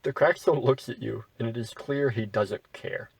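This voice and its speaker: A gamer reads an AI text adventure aloud, dropping wry, bemused asides between passages as he plays. His medium-pitched voice moves at a normal speed, with vocal fry and a breathy edge. The poor-quality audio was captured from a distance, with no room sound.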